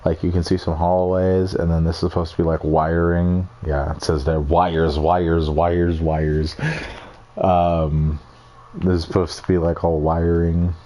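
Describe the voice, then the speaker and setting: Low, mellow-voiced young guy rambling. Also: little pitch movement, moderate pace. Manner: rambling, swears freely, self-deprecating. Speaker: gamer showing off builds. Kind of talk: casual screen-recorded walkthrough.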